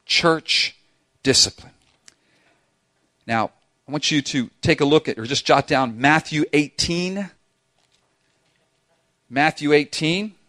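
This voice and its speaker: A man preaching a sermon as pastor in a church, talking in an animated, emphatic way with lots of repetition, sometimes acting out voices. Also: fairly high pitch, a little slow, long pauses, dry recording. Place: church sanctuary.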